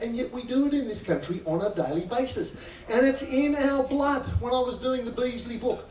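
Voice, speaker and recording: An Australian man tells stories to a room in an animated, theatrical way. His voice sits fairly high and carries through an echoing function room from some distance. Faint room ambience sits behind him. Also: slight background noise. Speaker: guest speaker. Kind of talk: after-dinner storytelling speech. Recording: roomy hall, distant mic, faint ambience.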